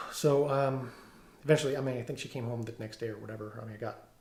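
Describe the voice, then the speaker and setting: Halting man telling a personal story. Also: mid-range voice, fairly even intonation, darkish tone, echoey room. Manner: halting, many fillers and restarts. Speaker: police officer. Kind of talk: personal testimony, reading from notes. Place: room at home.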